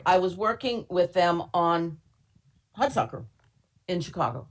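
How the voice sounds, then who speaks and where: An older casting director from Minnesota tells stories from her work in a chatty, candid webinar interview. Her voice is lowish and expressive at a measured pace, with wry humor and lots of fillers.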